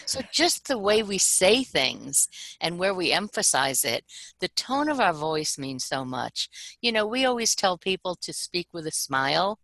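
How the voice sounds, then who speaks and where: A woman's voice: on the low side, sing-song, measured pace, a bit bright, no room sound, rough recording. A woman co-presenting a webinar workshop, talking in a demonstrative way and acting out voice examples for her audience.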